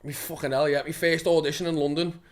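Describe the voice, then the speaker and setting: Swearing young actor, laughing. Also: male voice, on the high side, level tone, quick pace. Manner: swears freely, laughs through his stories. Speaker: actor guest. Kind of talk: casual storytelling.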